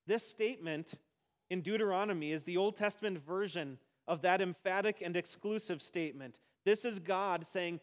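A man with a high-pitched voice preaches a sermon as a pastor, stressing key lines by slowing his pace. At times he is soft, at times loud, and always emphatic.

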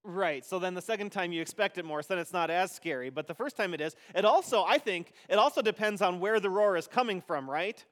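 High-voiced pastor talking to children. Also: male voice, a little fast, few pauses, in a large hall. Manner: gentle, playful talk to children with many restarts. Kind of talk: children's message in a church service. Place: church sanctuary.

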